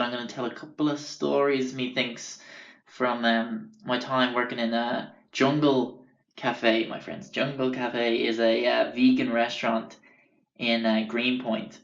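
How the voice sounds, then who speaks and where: A man's voice: medium pitch, little pitch movement, unhurried, echoey room, lo-fi sound. Rambling Irish man telling stories. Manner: rambling, swears freely, self-interrupting. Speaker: podcast host. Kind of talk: casual storytelling.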